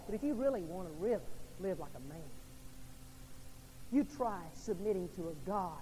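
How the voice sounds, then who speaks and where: A male pastor delivering a sermon, swinging from loud emphasis down to quiet, hushed lines. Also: sits high, animated, normal speed, long pauses, a little hiss or hum. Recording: reverberant hall with faint ambience.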